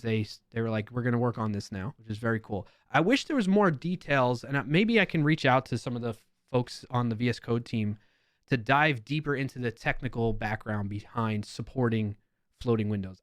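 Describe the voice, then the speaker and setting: A man's voice: mid-range voice, a bit bright, no room sound, studio quality. Chatty man with a New York accent. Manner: chatty, wry asides while reading comments aloud. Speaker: developer YouTuber. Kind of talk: casual reaction commentary.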